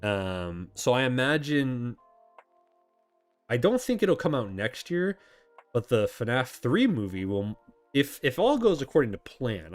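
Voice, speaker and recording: A man hosting a casual chat, answering viewer questions in a rambling, self-correcting way and laughing often. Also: medium pitch.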